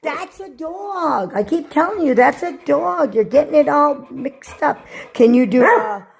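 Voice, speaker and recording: Woman, playful pet talk, gravelly edge, swooping pitch. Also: lively intonation, a little slow. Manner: coaxing, playful, praising. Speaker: pet owner.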